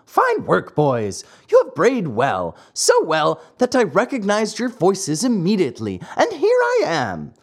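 A man's voice: high-pitched, wildly swooping pitch, measured pace, hardly any pauses, breathy edge, exaggerated voice. A man voicing a sweet-smiling but cruel little man in a storybook reading, sugary and mocking in tone.

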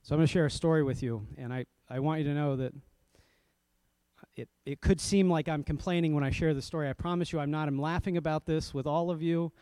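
A pastor tells a story in a sermon, self-deprecating and animated, laughing at himself along the way. His voice sits a little high for a man. The sound is dry and close, with no room around it. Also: fast talker, smooth, no room sound.

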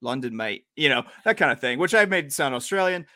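A man's voice: on the high side, animated, fast, bright, forceful tone, no room sound, clean studio sound. A man hosting a horse racing podcast in a casual, joking way, wandering into rambling asides. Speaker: podcast host.

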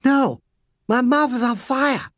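A man voicing an adult mother, sharp and irritated in tone. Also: very high voice, slow pace, no echo, clean studio sound, pitched above the performer's own voice, heavily acted. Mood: pained, irritated. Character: adult mother woken in pain.

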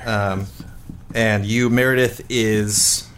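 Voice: medium pitch, steady tone, takes it slowly, slight background noise. A game master narrating a tabletop game scene, hesitant, with many fillers.

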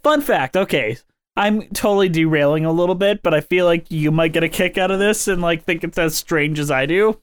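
A man co-hosts a laid-back musical theater podcast, his voice sitting a little high. He talks loosely and jokingly, swearing in passing and leaning on "like" and "um" as he riffs. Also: a little fast, smooth, dry recording, studio quality. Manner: chatty, swears, jokey, filler-heavy. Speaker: podcast co-host. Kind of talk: casual chat.

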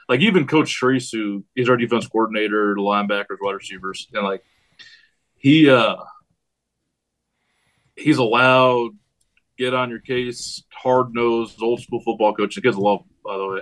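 A high school head football coach talking casually on a podcast, rambling and acting out what he yells at his players. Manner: rambling, animated storytelling with quoted yells.

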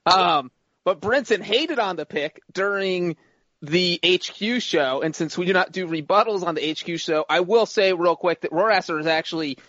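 A man's voice: sits high, a bit bright, no echo, highs cut off. A man co-hosting a sports podcast, talking casually and playfully as he makes his picks and defends them. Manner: playful, rambling, quick to defend himself. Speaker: podcast co-host, grader.

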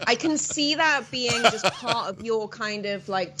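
A British woman in her late twenties chatting as a guest on a talk show, lively and full of quick asides. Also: on the high side, noisy background. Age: 20s. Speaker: guest commentator. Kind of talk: casual chat.

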